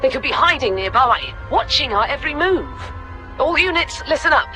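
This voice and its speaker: A scornful female commander in a game, barking orders at her troops. Her voice sits high, swings widely and has a sharp, bright edge. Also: animated, moderate pace, faint music behind. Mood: commanding. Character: harsh, short-tempered female military commander. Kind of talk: game cutscene voice acting.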